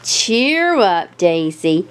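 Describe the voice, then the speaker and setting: Woman as a gentle mother rabbit. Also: mid-range voice, big pitch swings, very slow, clean tone, pitched below the performer's own voice. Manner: soothing, patient, encouraging.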